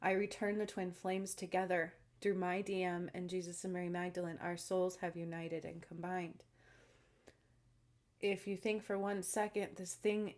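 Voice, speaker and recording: A self-described spiritual channeler talks casually to the camera, earnestly and emphatically addressing her viewers and often checking in with "okay?". Her voice is fairly low and a little mellow.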